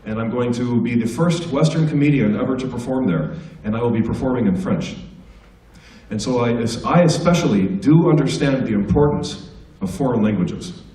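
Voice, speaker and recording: In a school hall, a stand-up comedian from the United States speaks to students as a guest, keeping it conversational with jokes and stories. His medium-pitched voice is warm and expressive at normal speed, but the rough recording is reverberant and distant from the mic.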